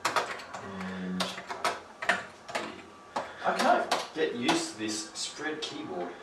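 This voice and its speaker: A man's voice: fairly low pitch, very animated, drawn-out words. A man with a South Australian accent in casual, playful chat, explaining how he pronounces words. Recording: echoey room, from far off, faint noise.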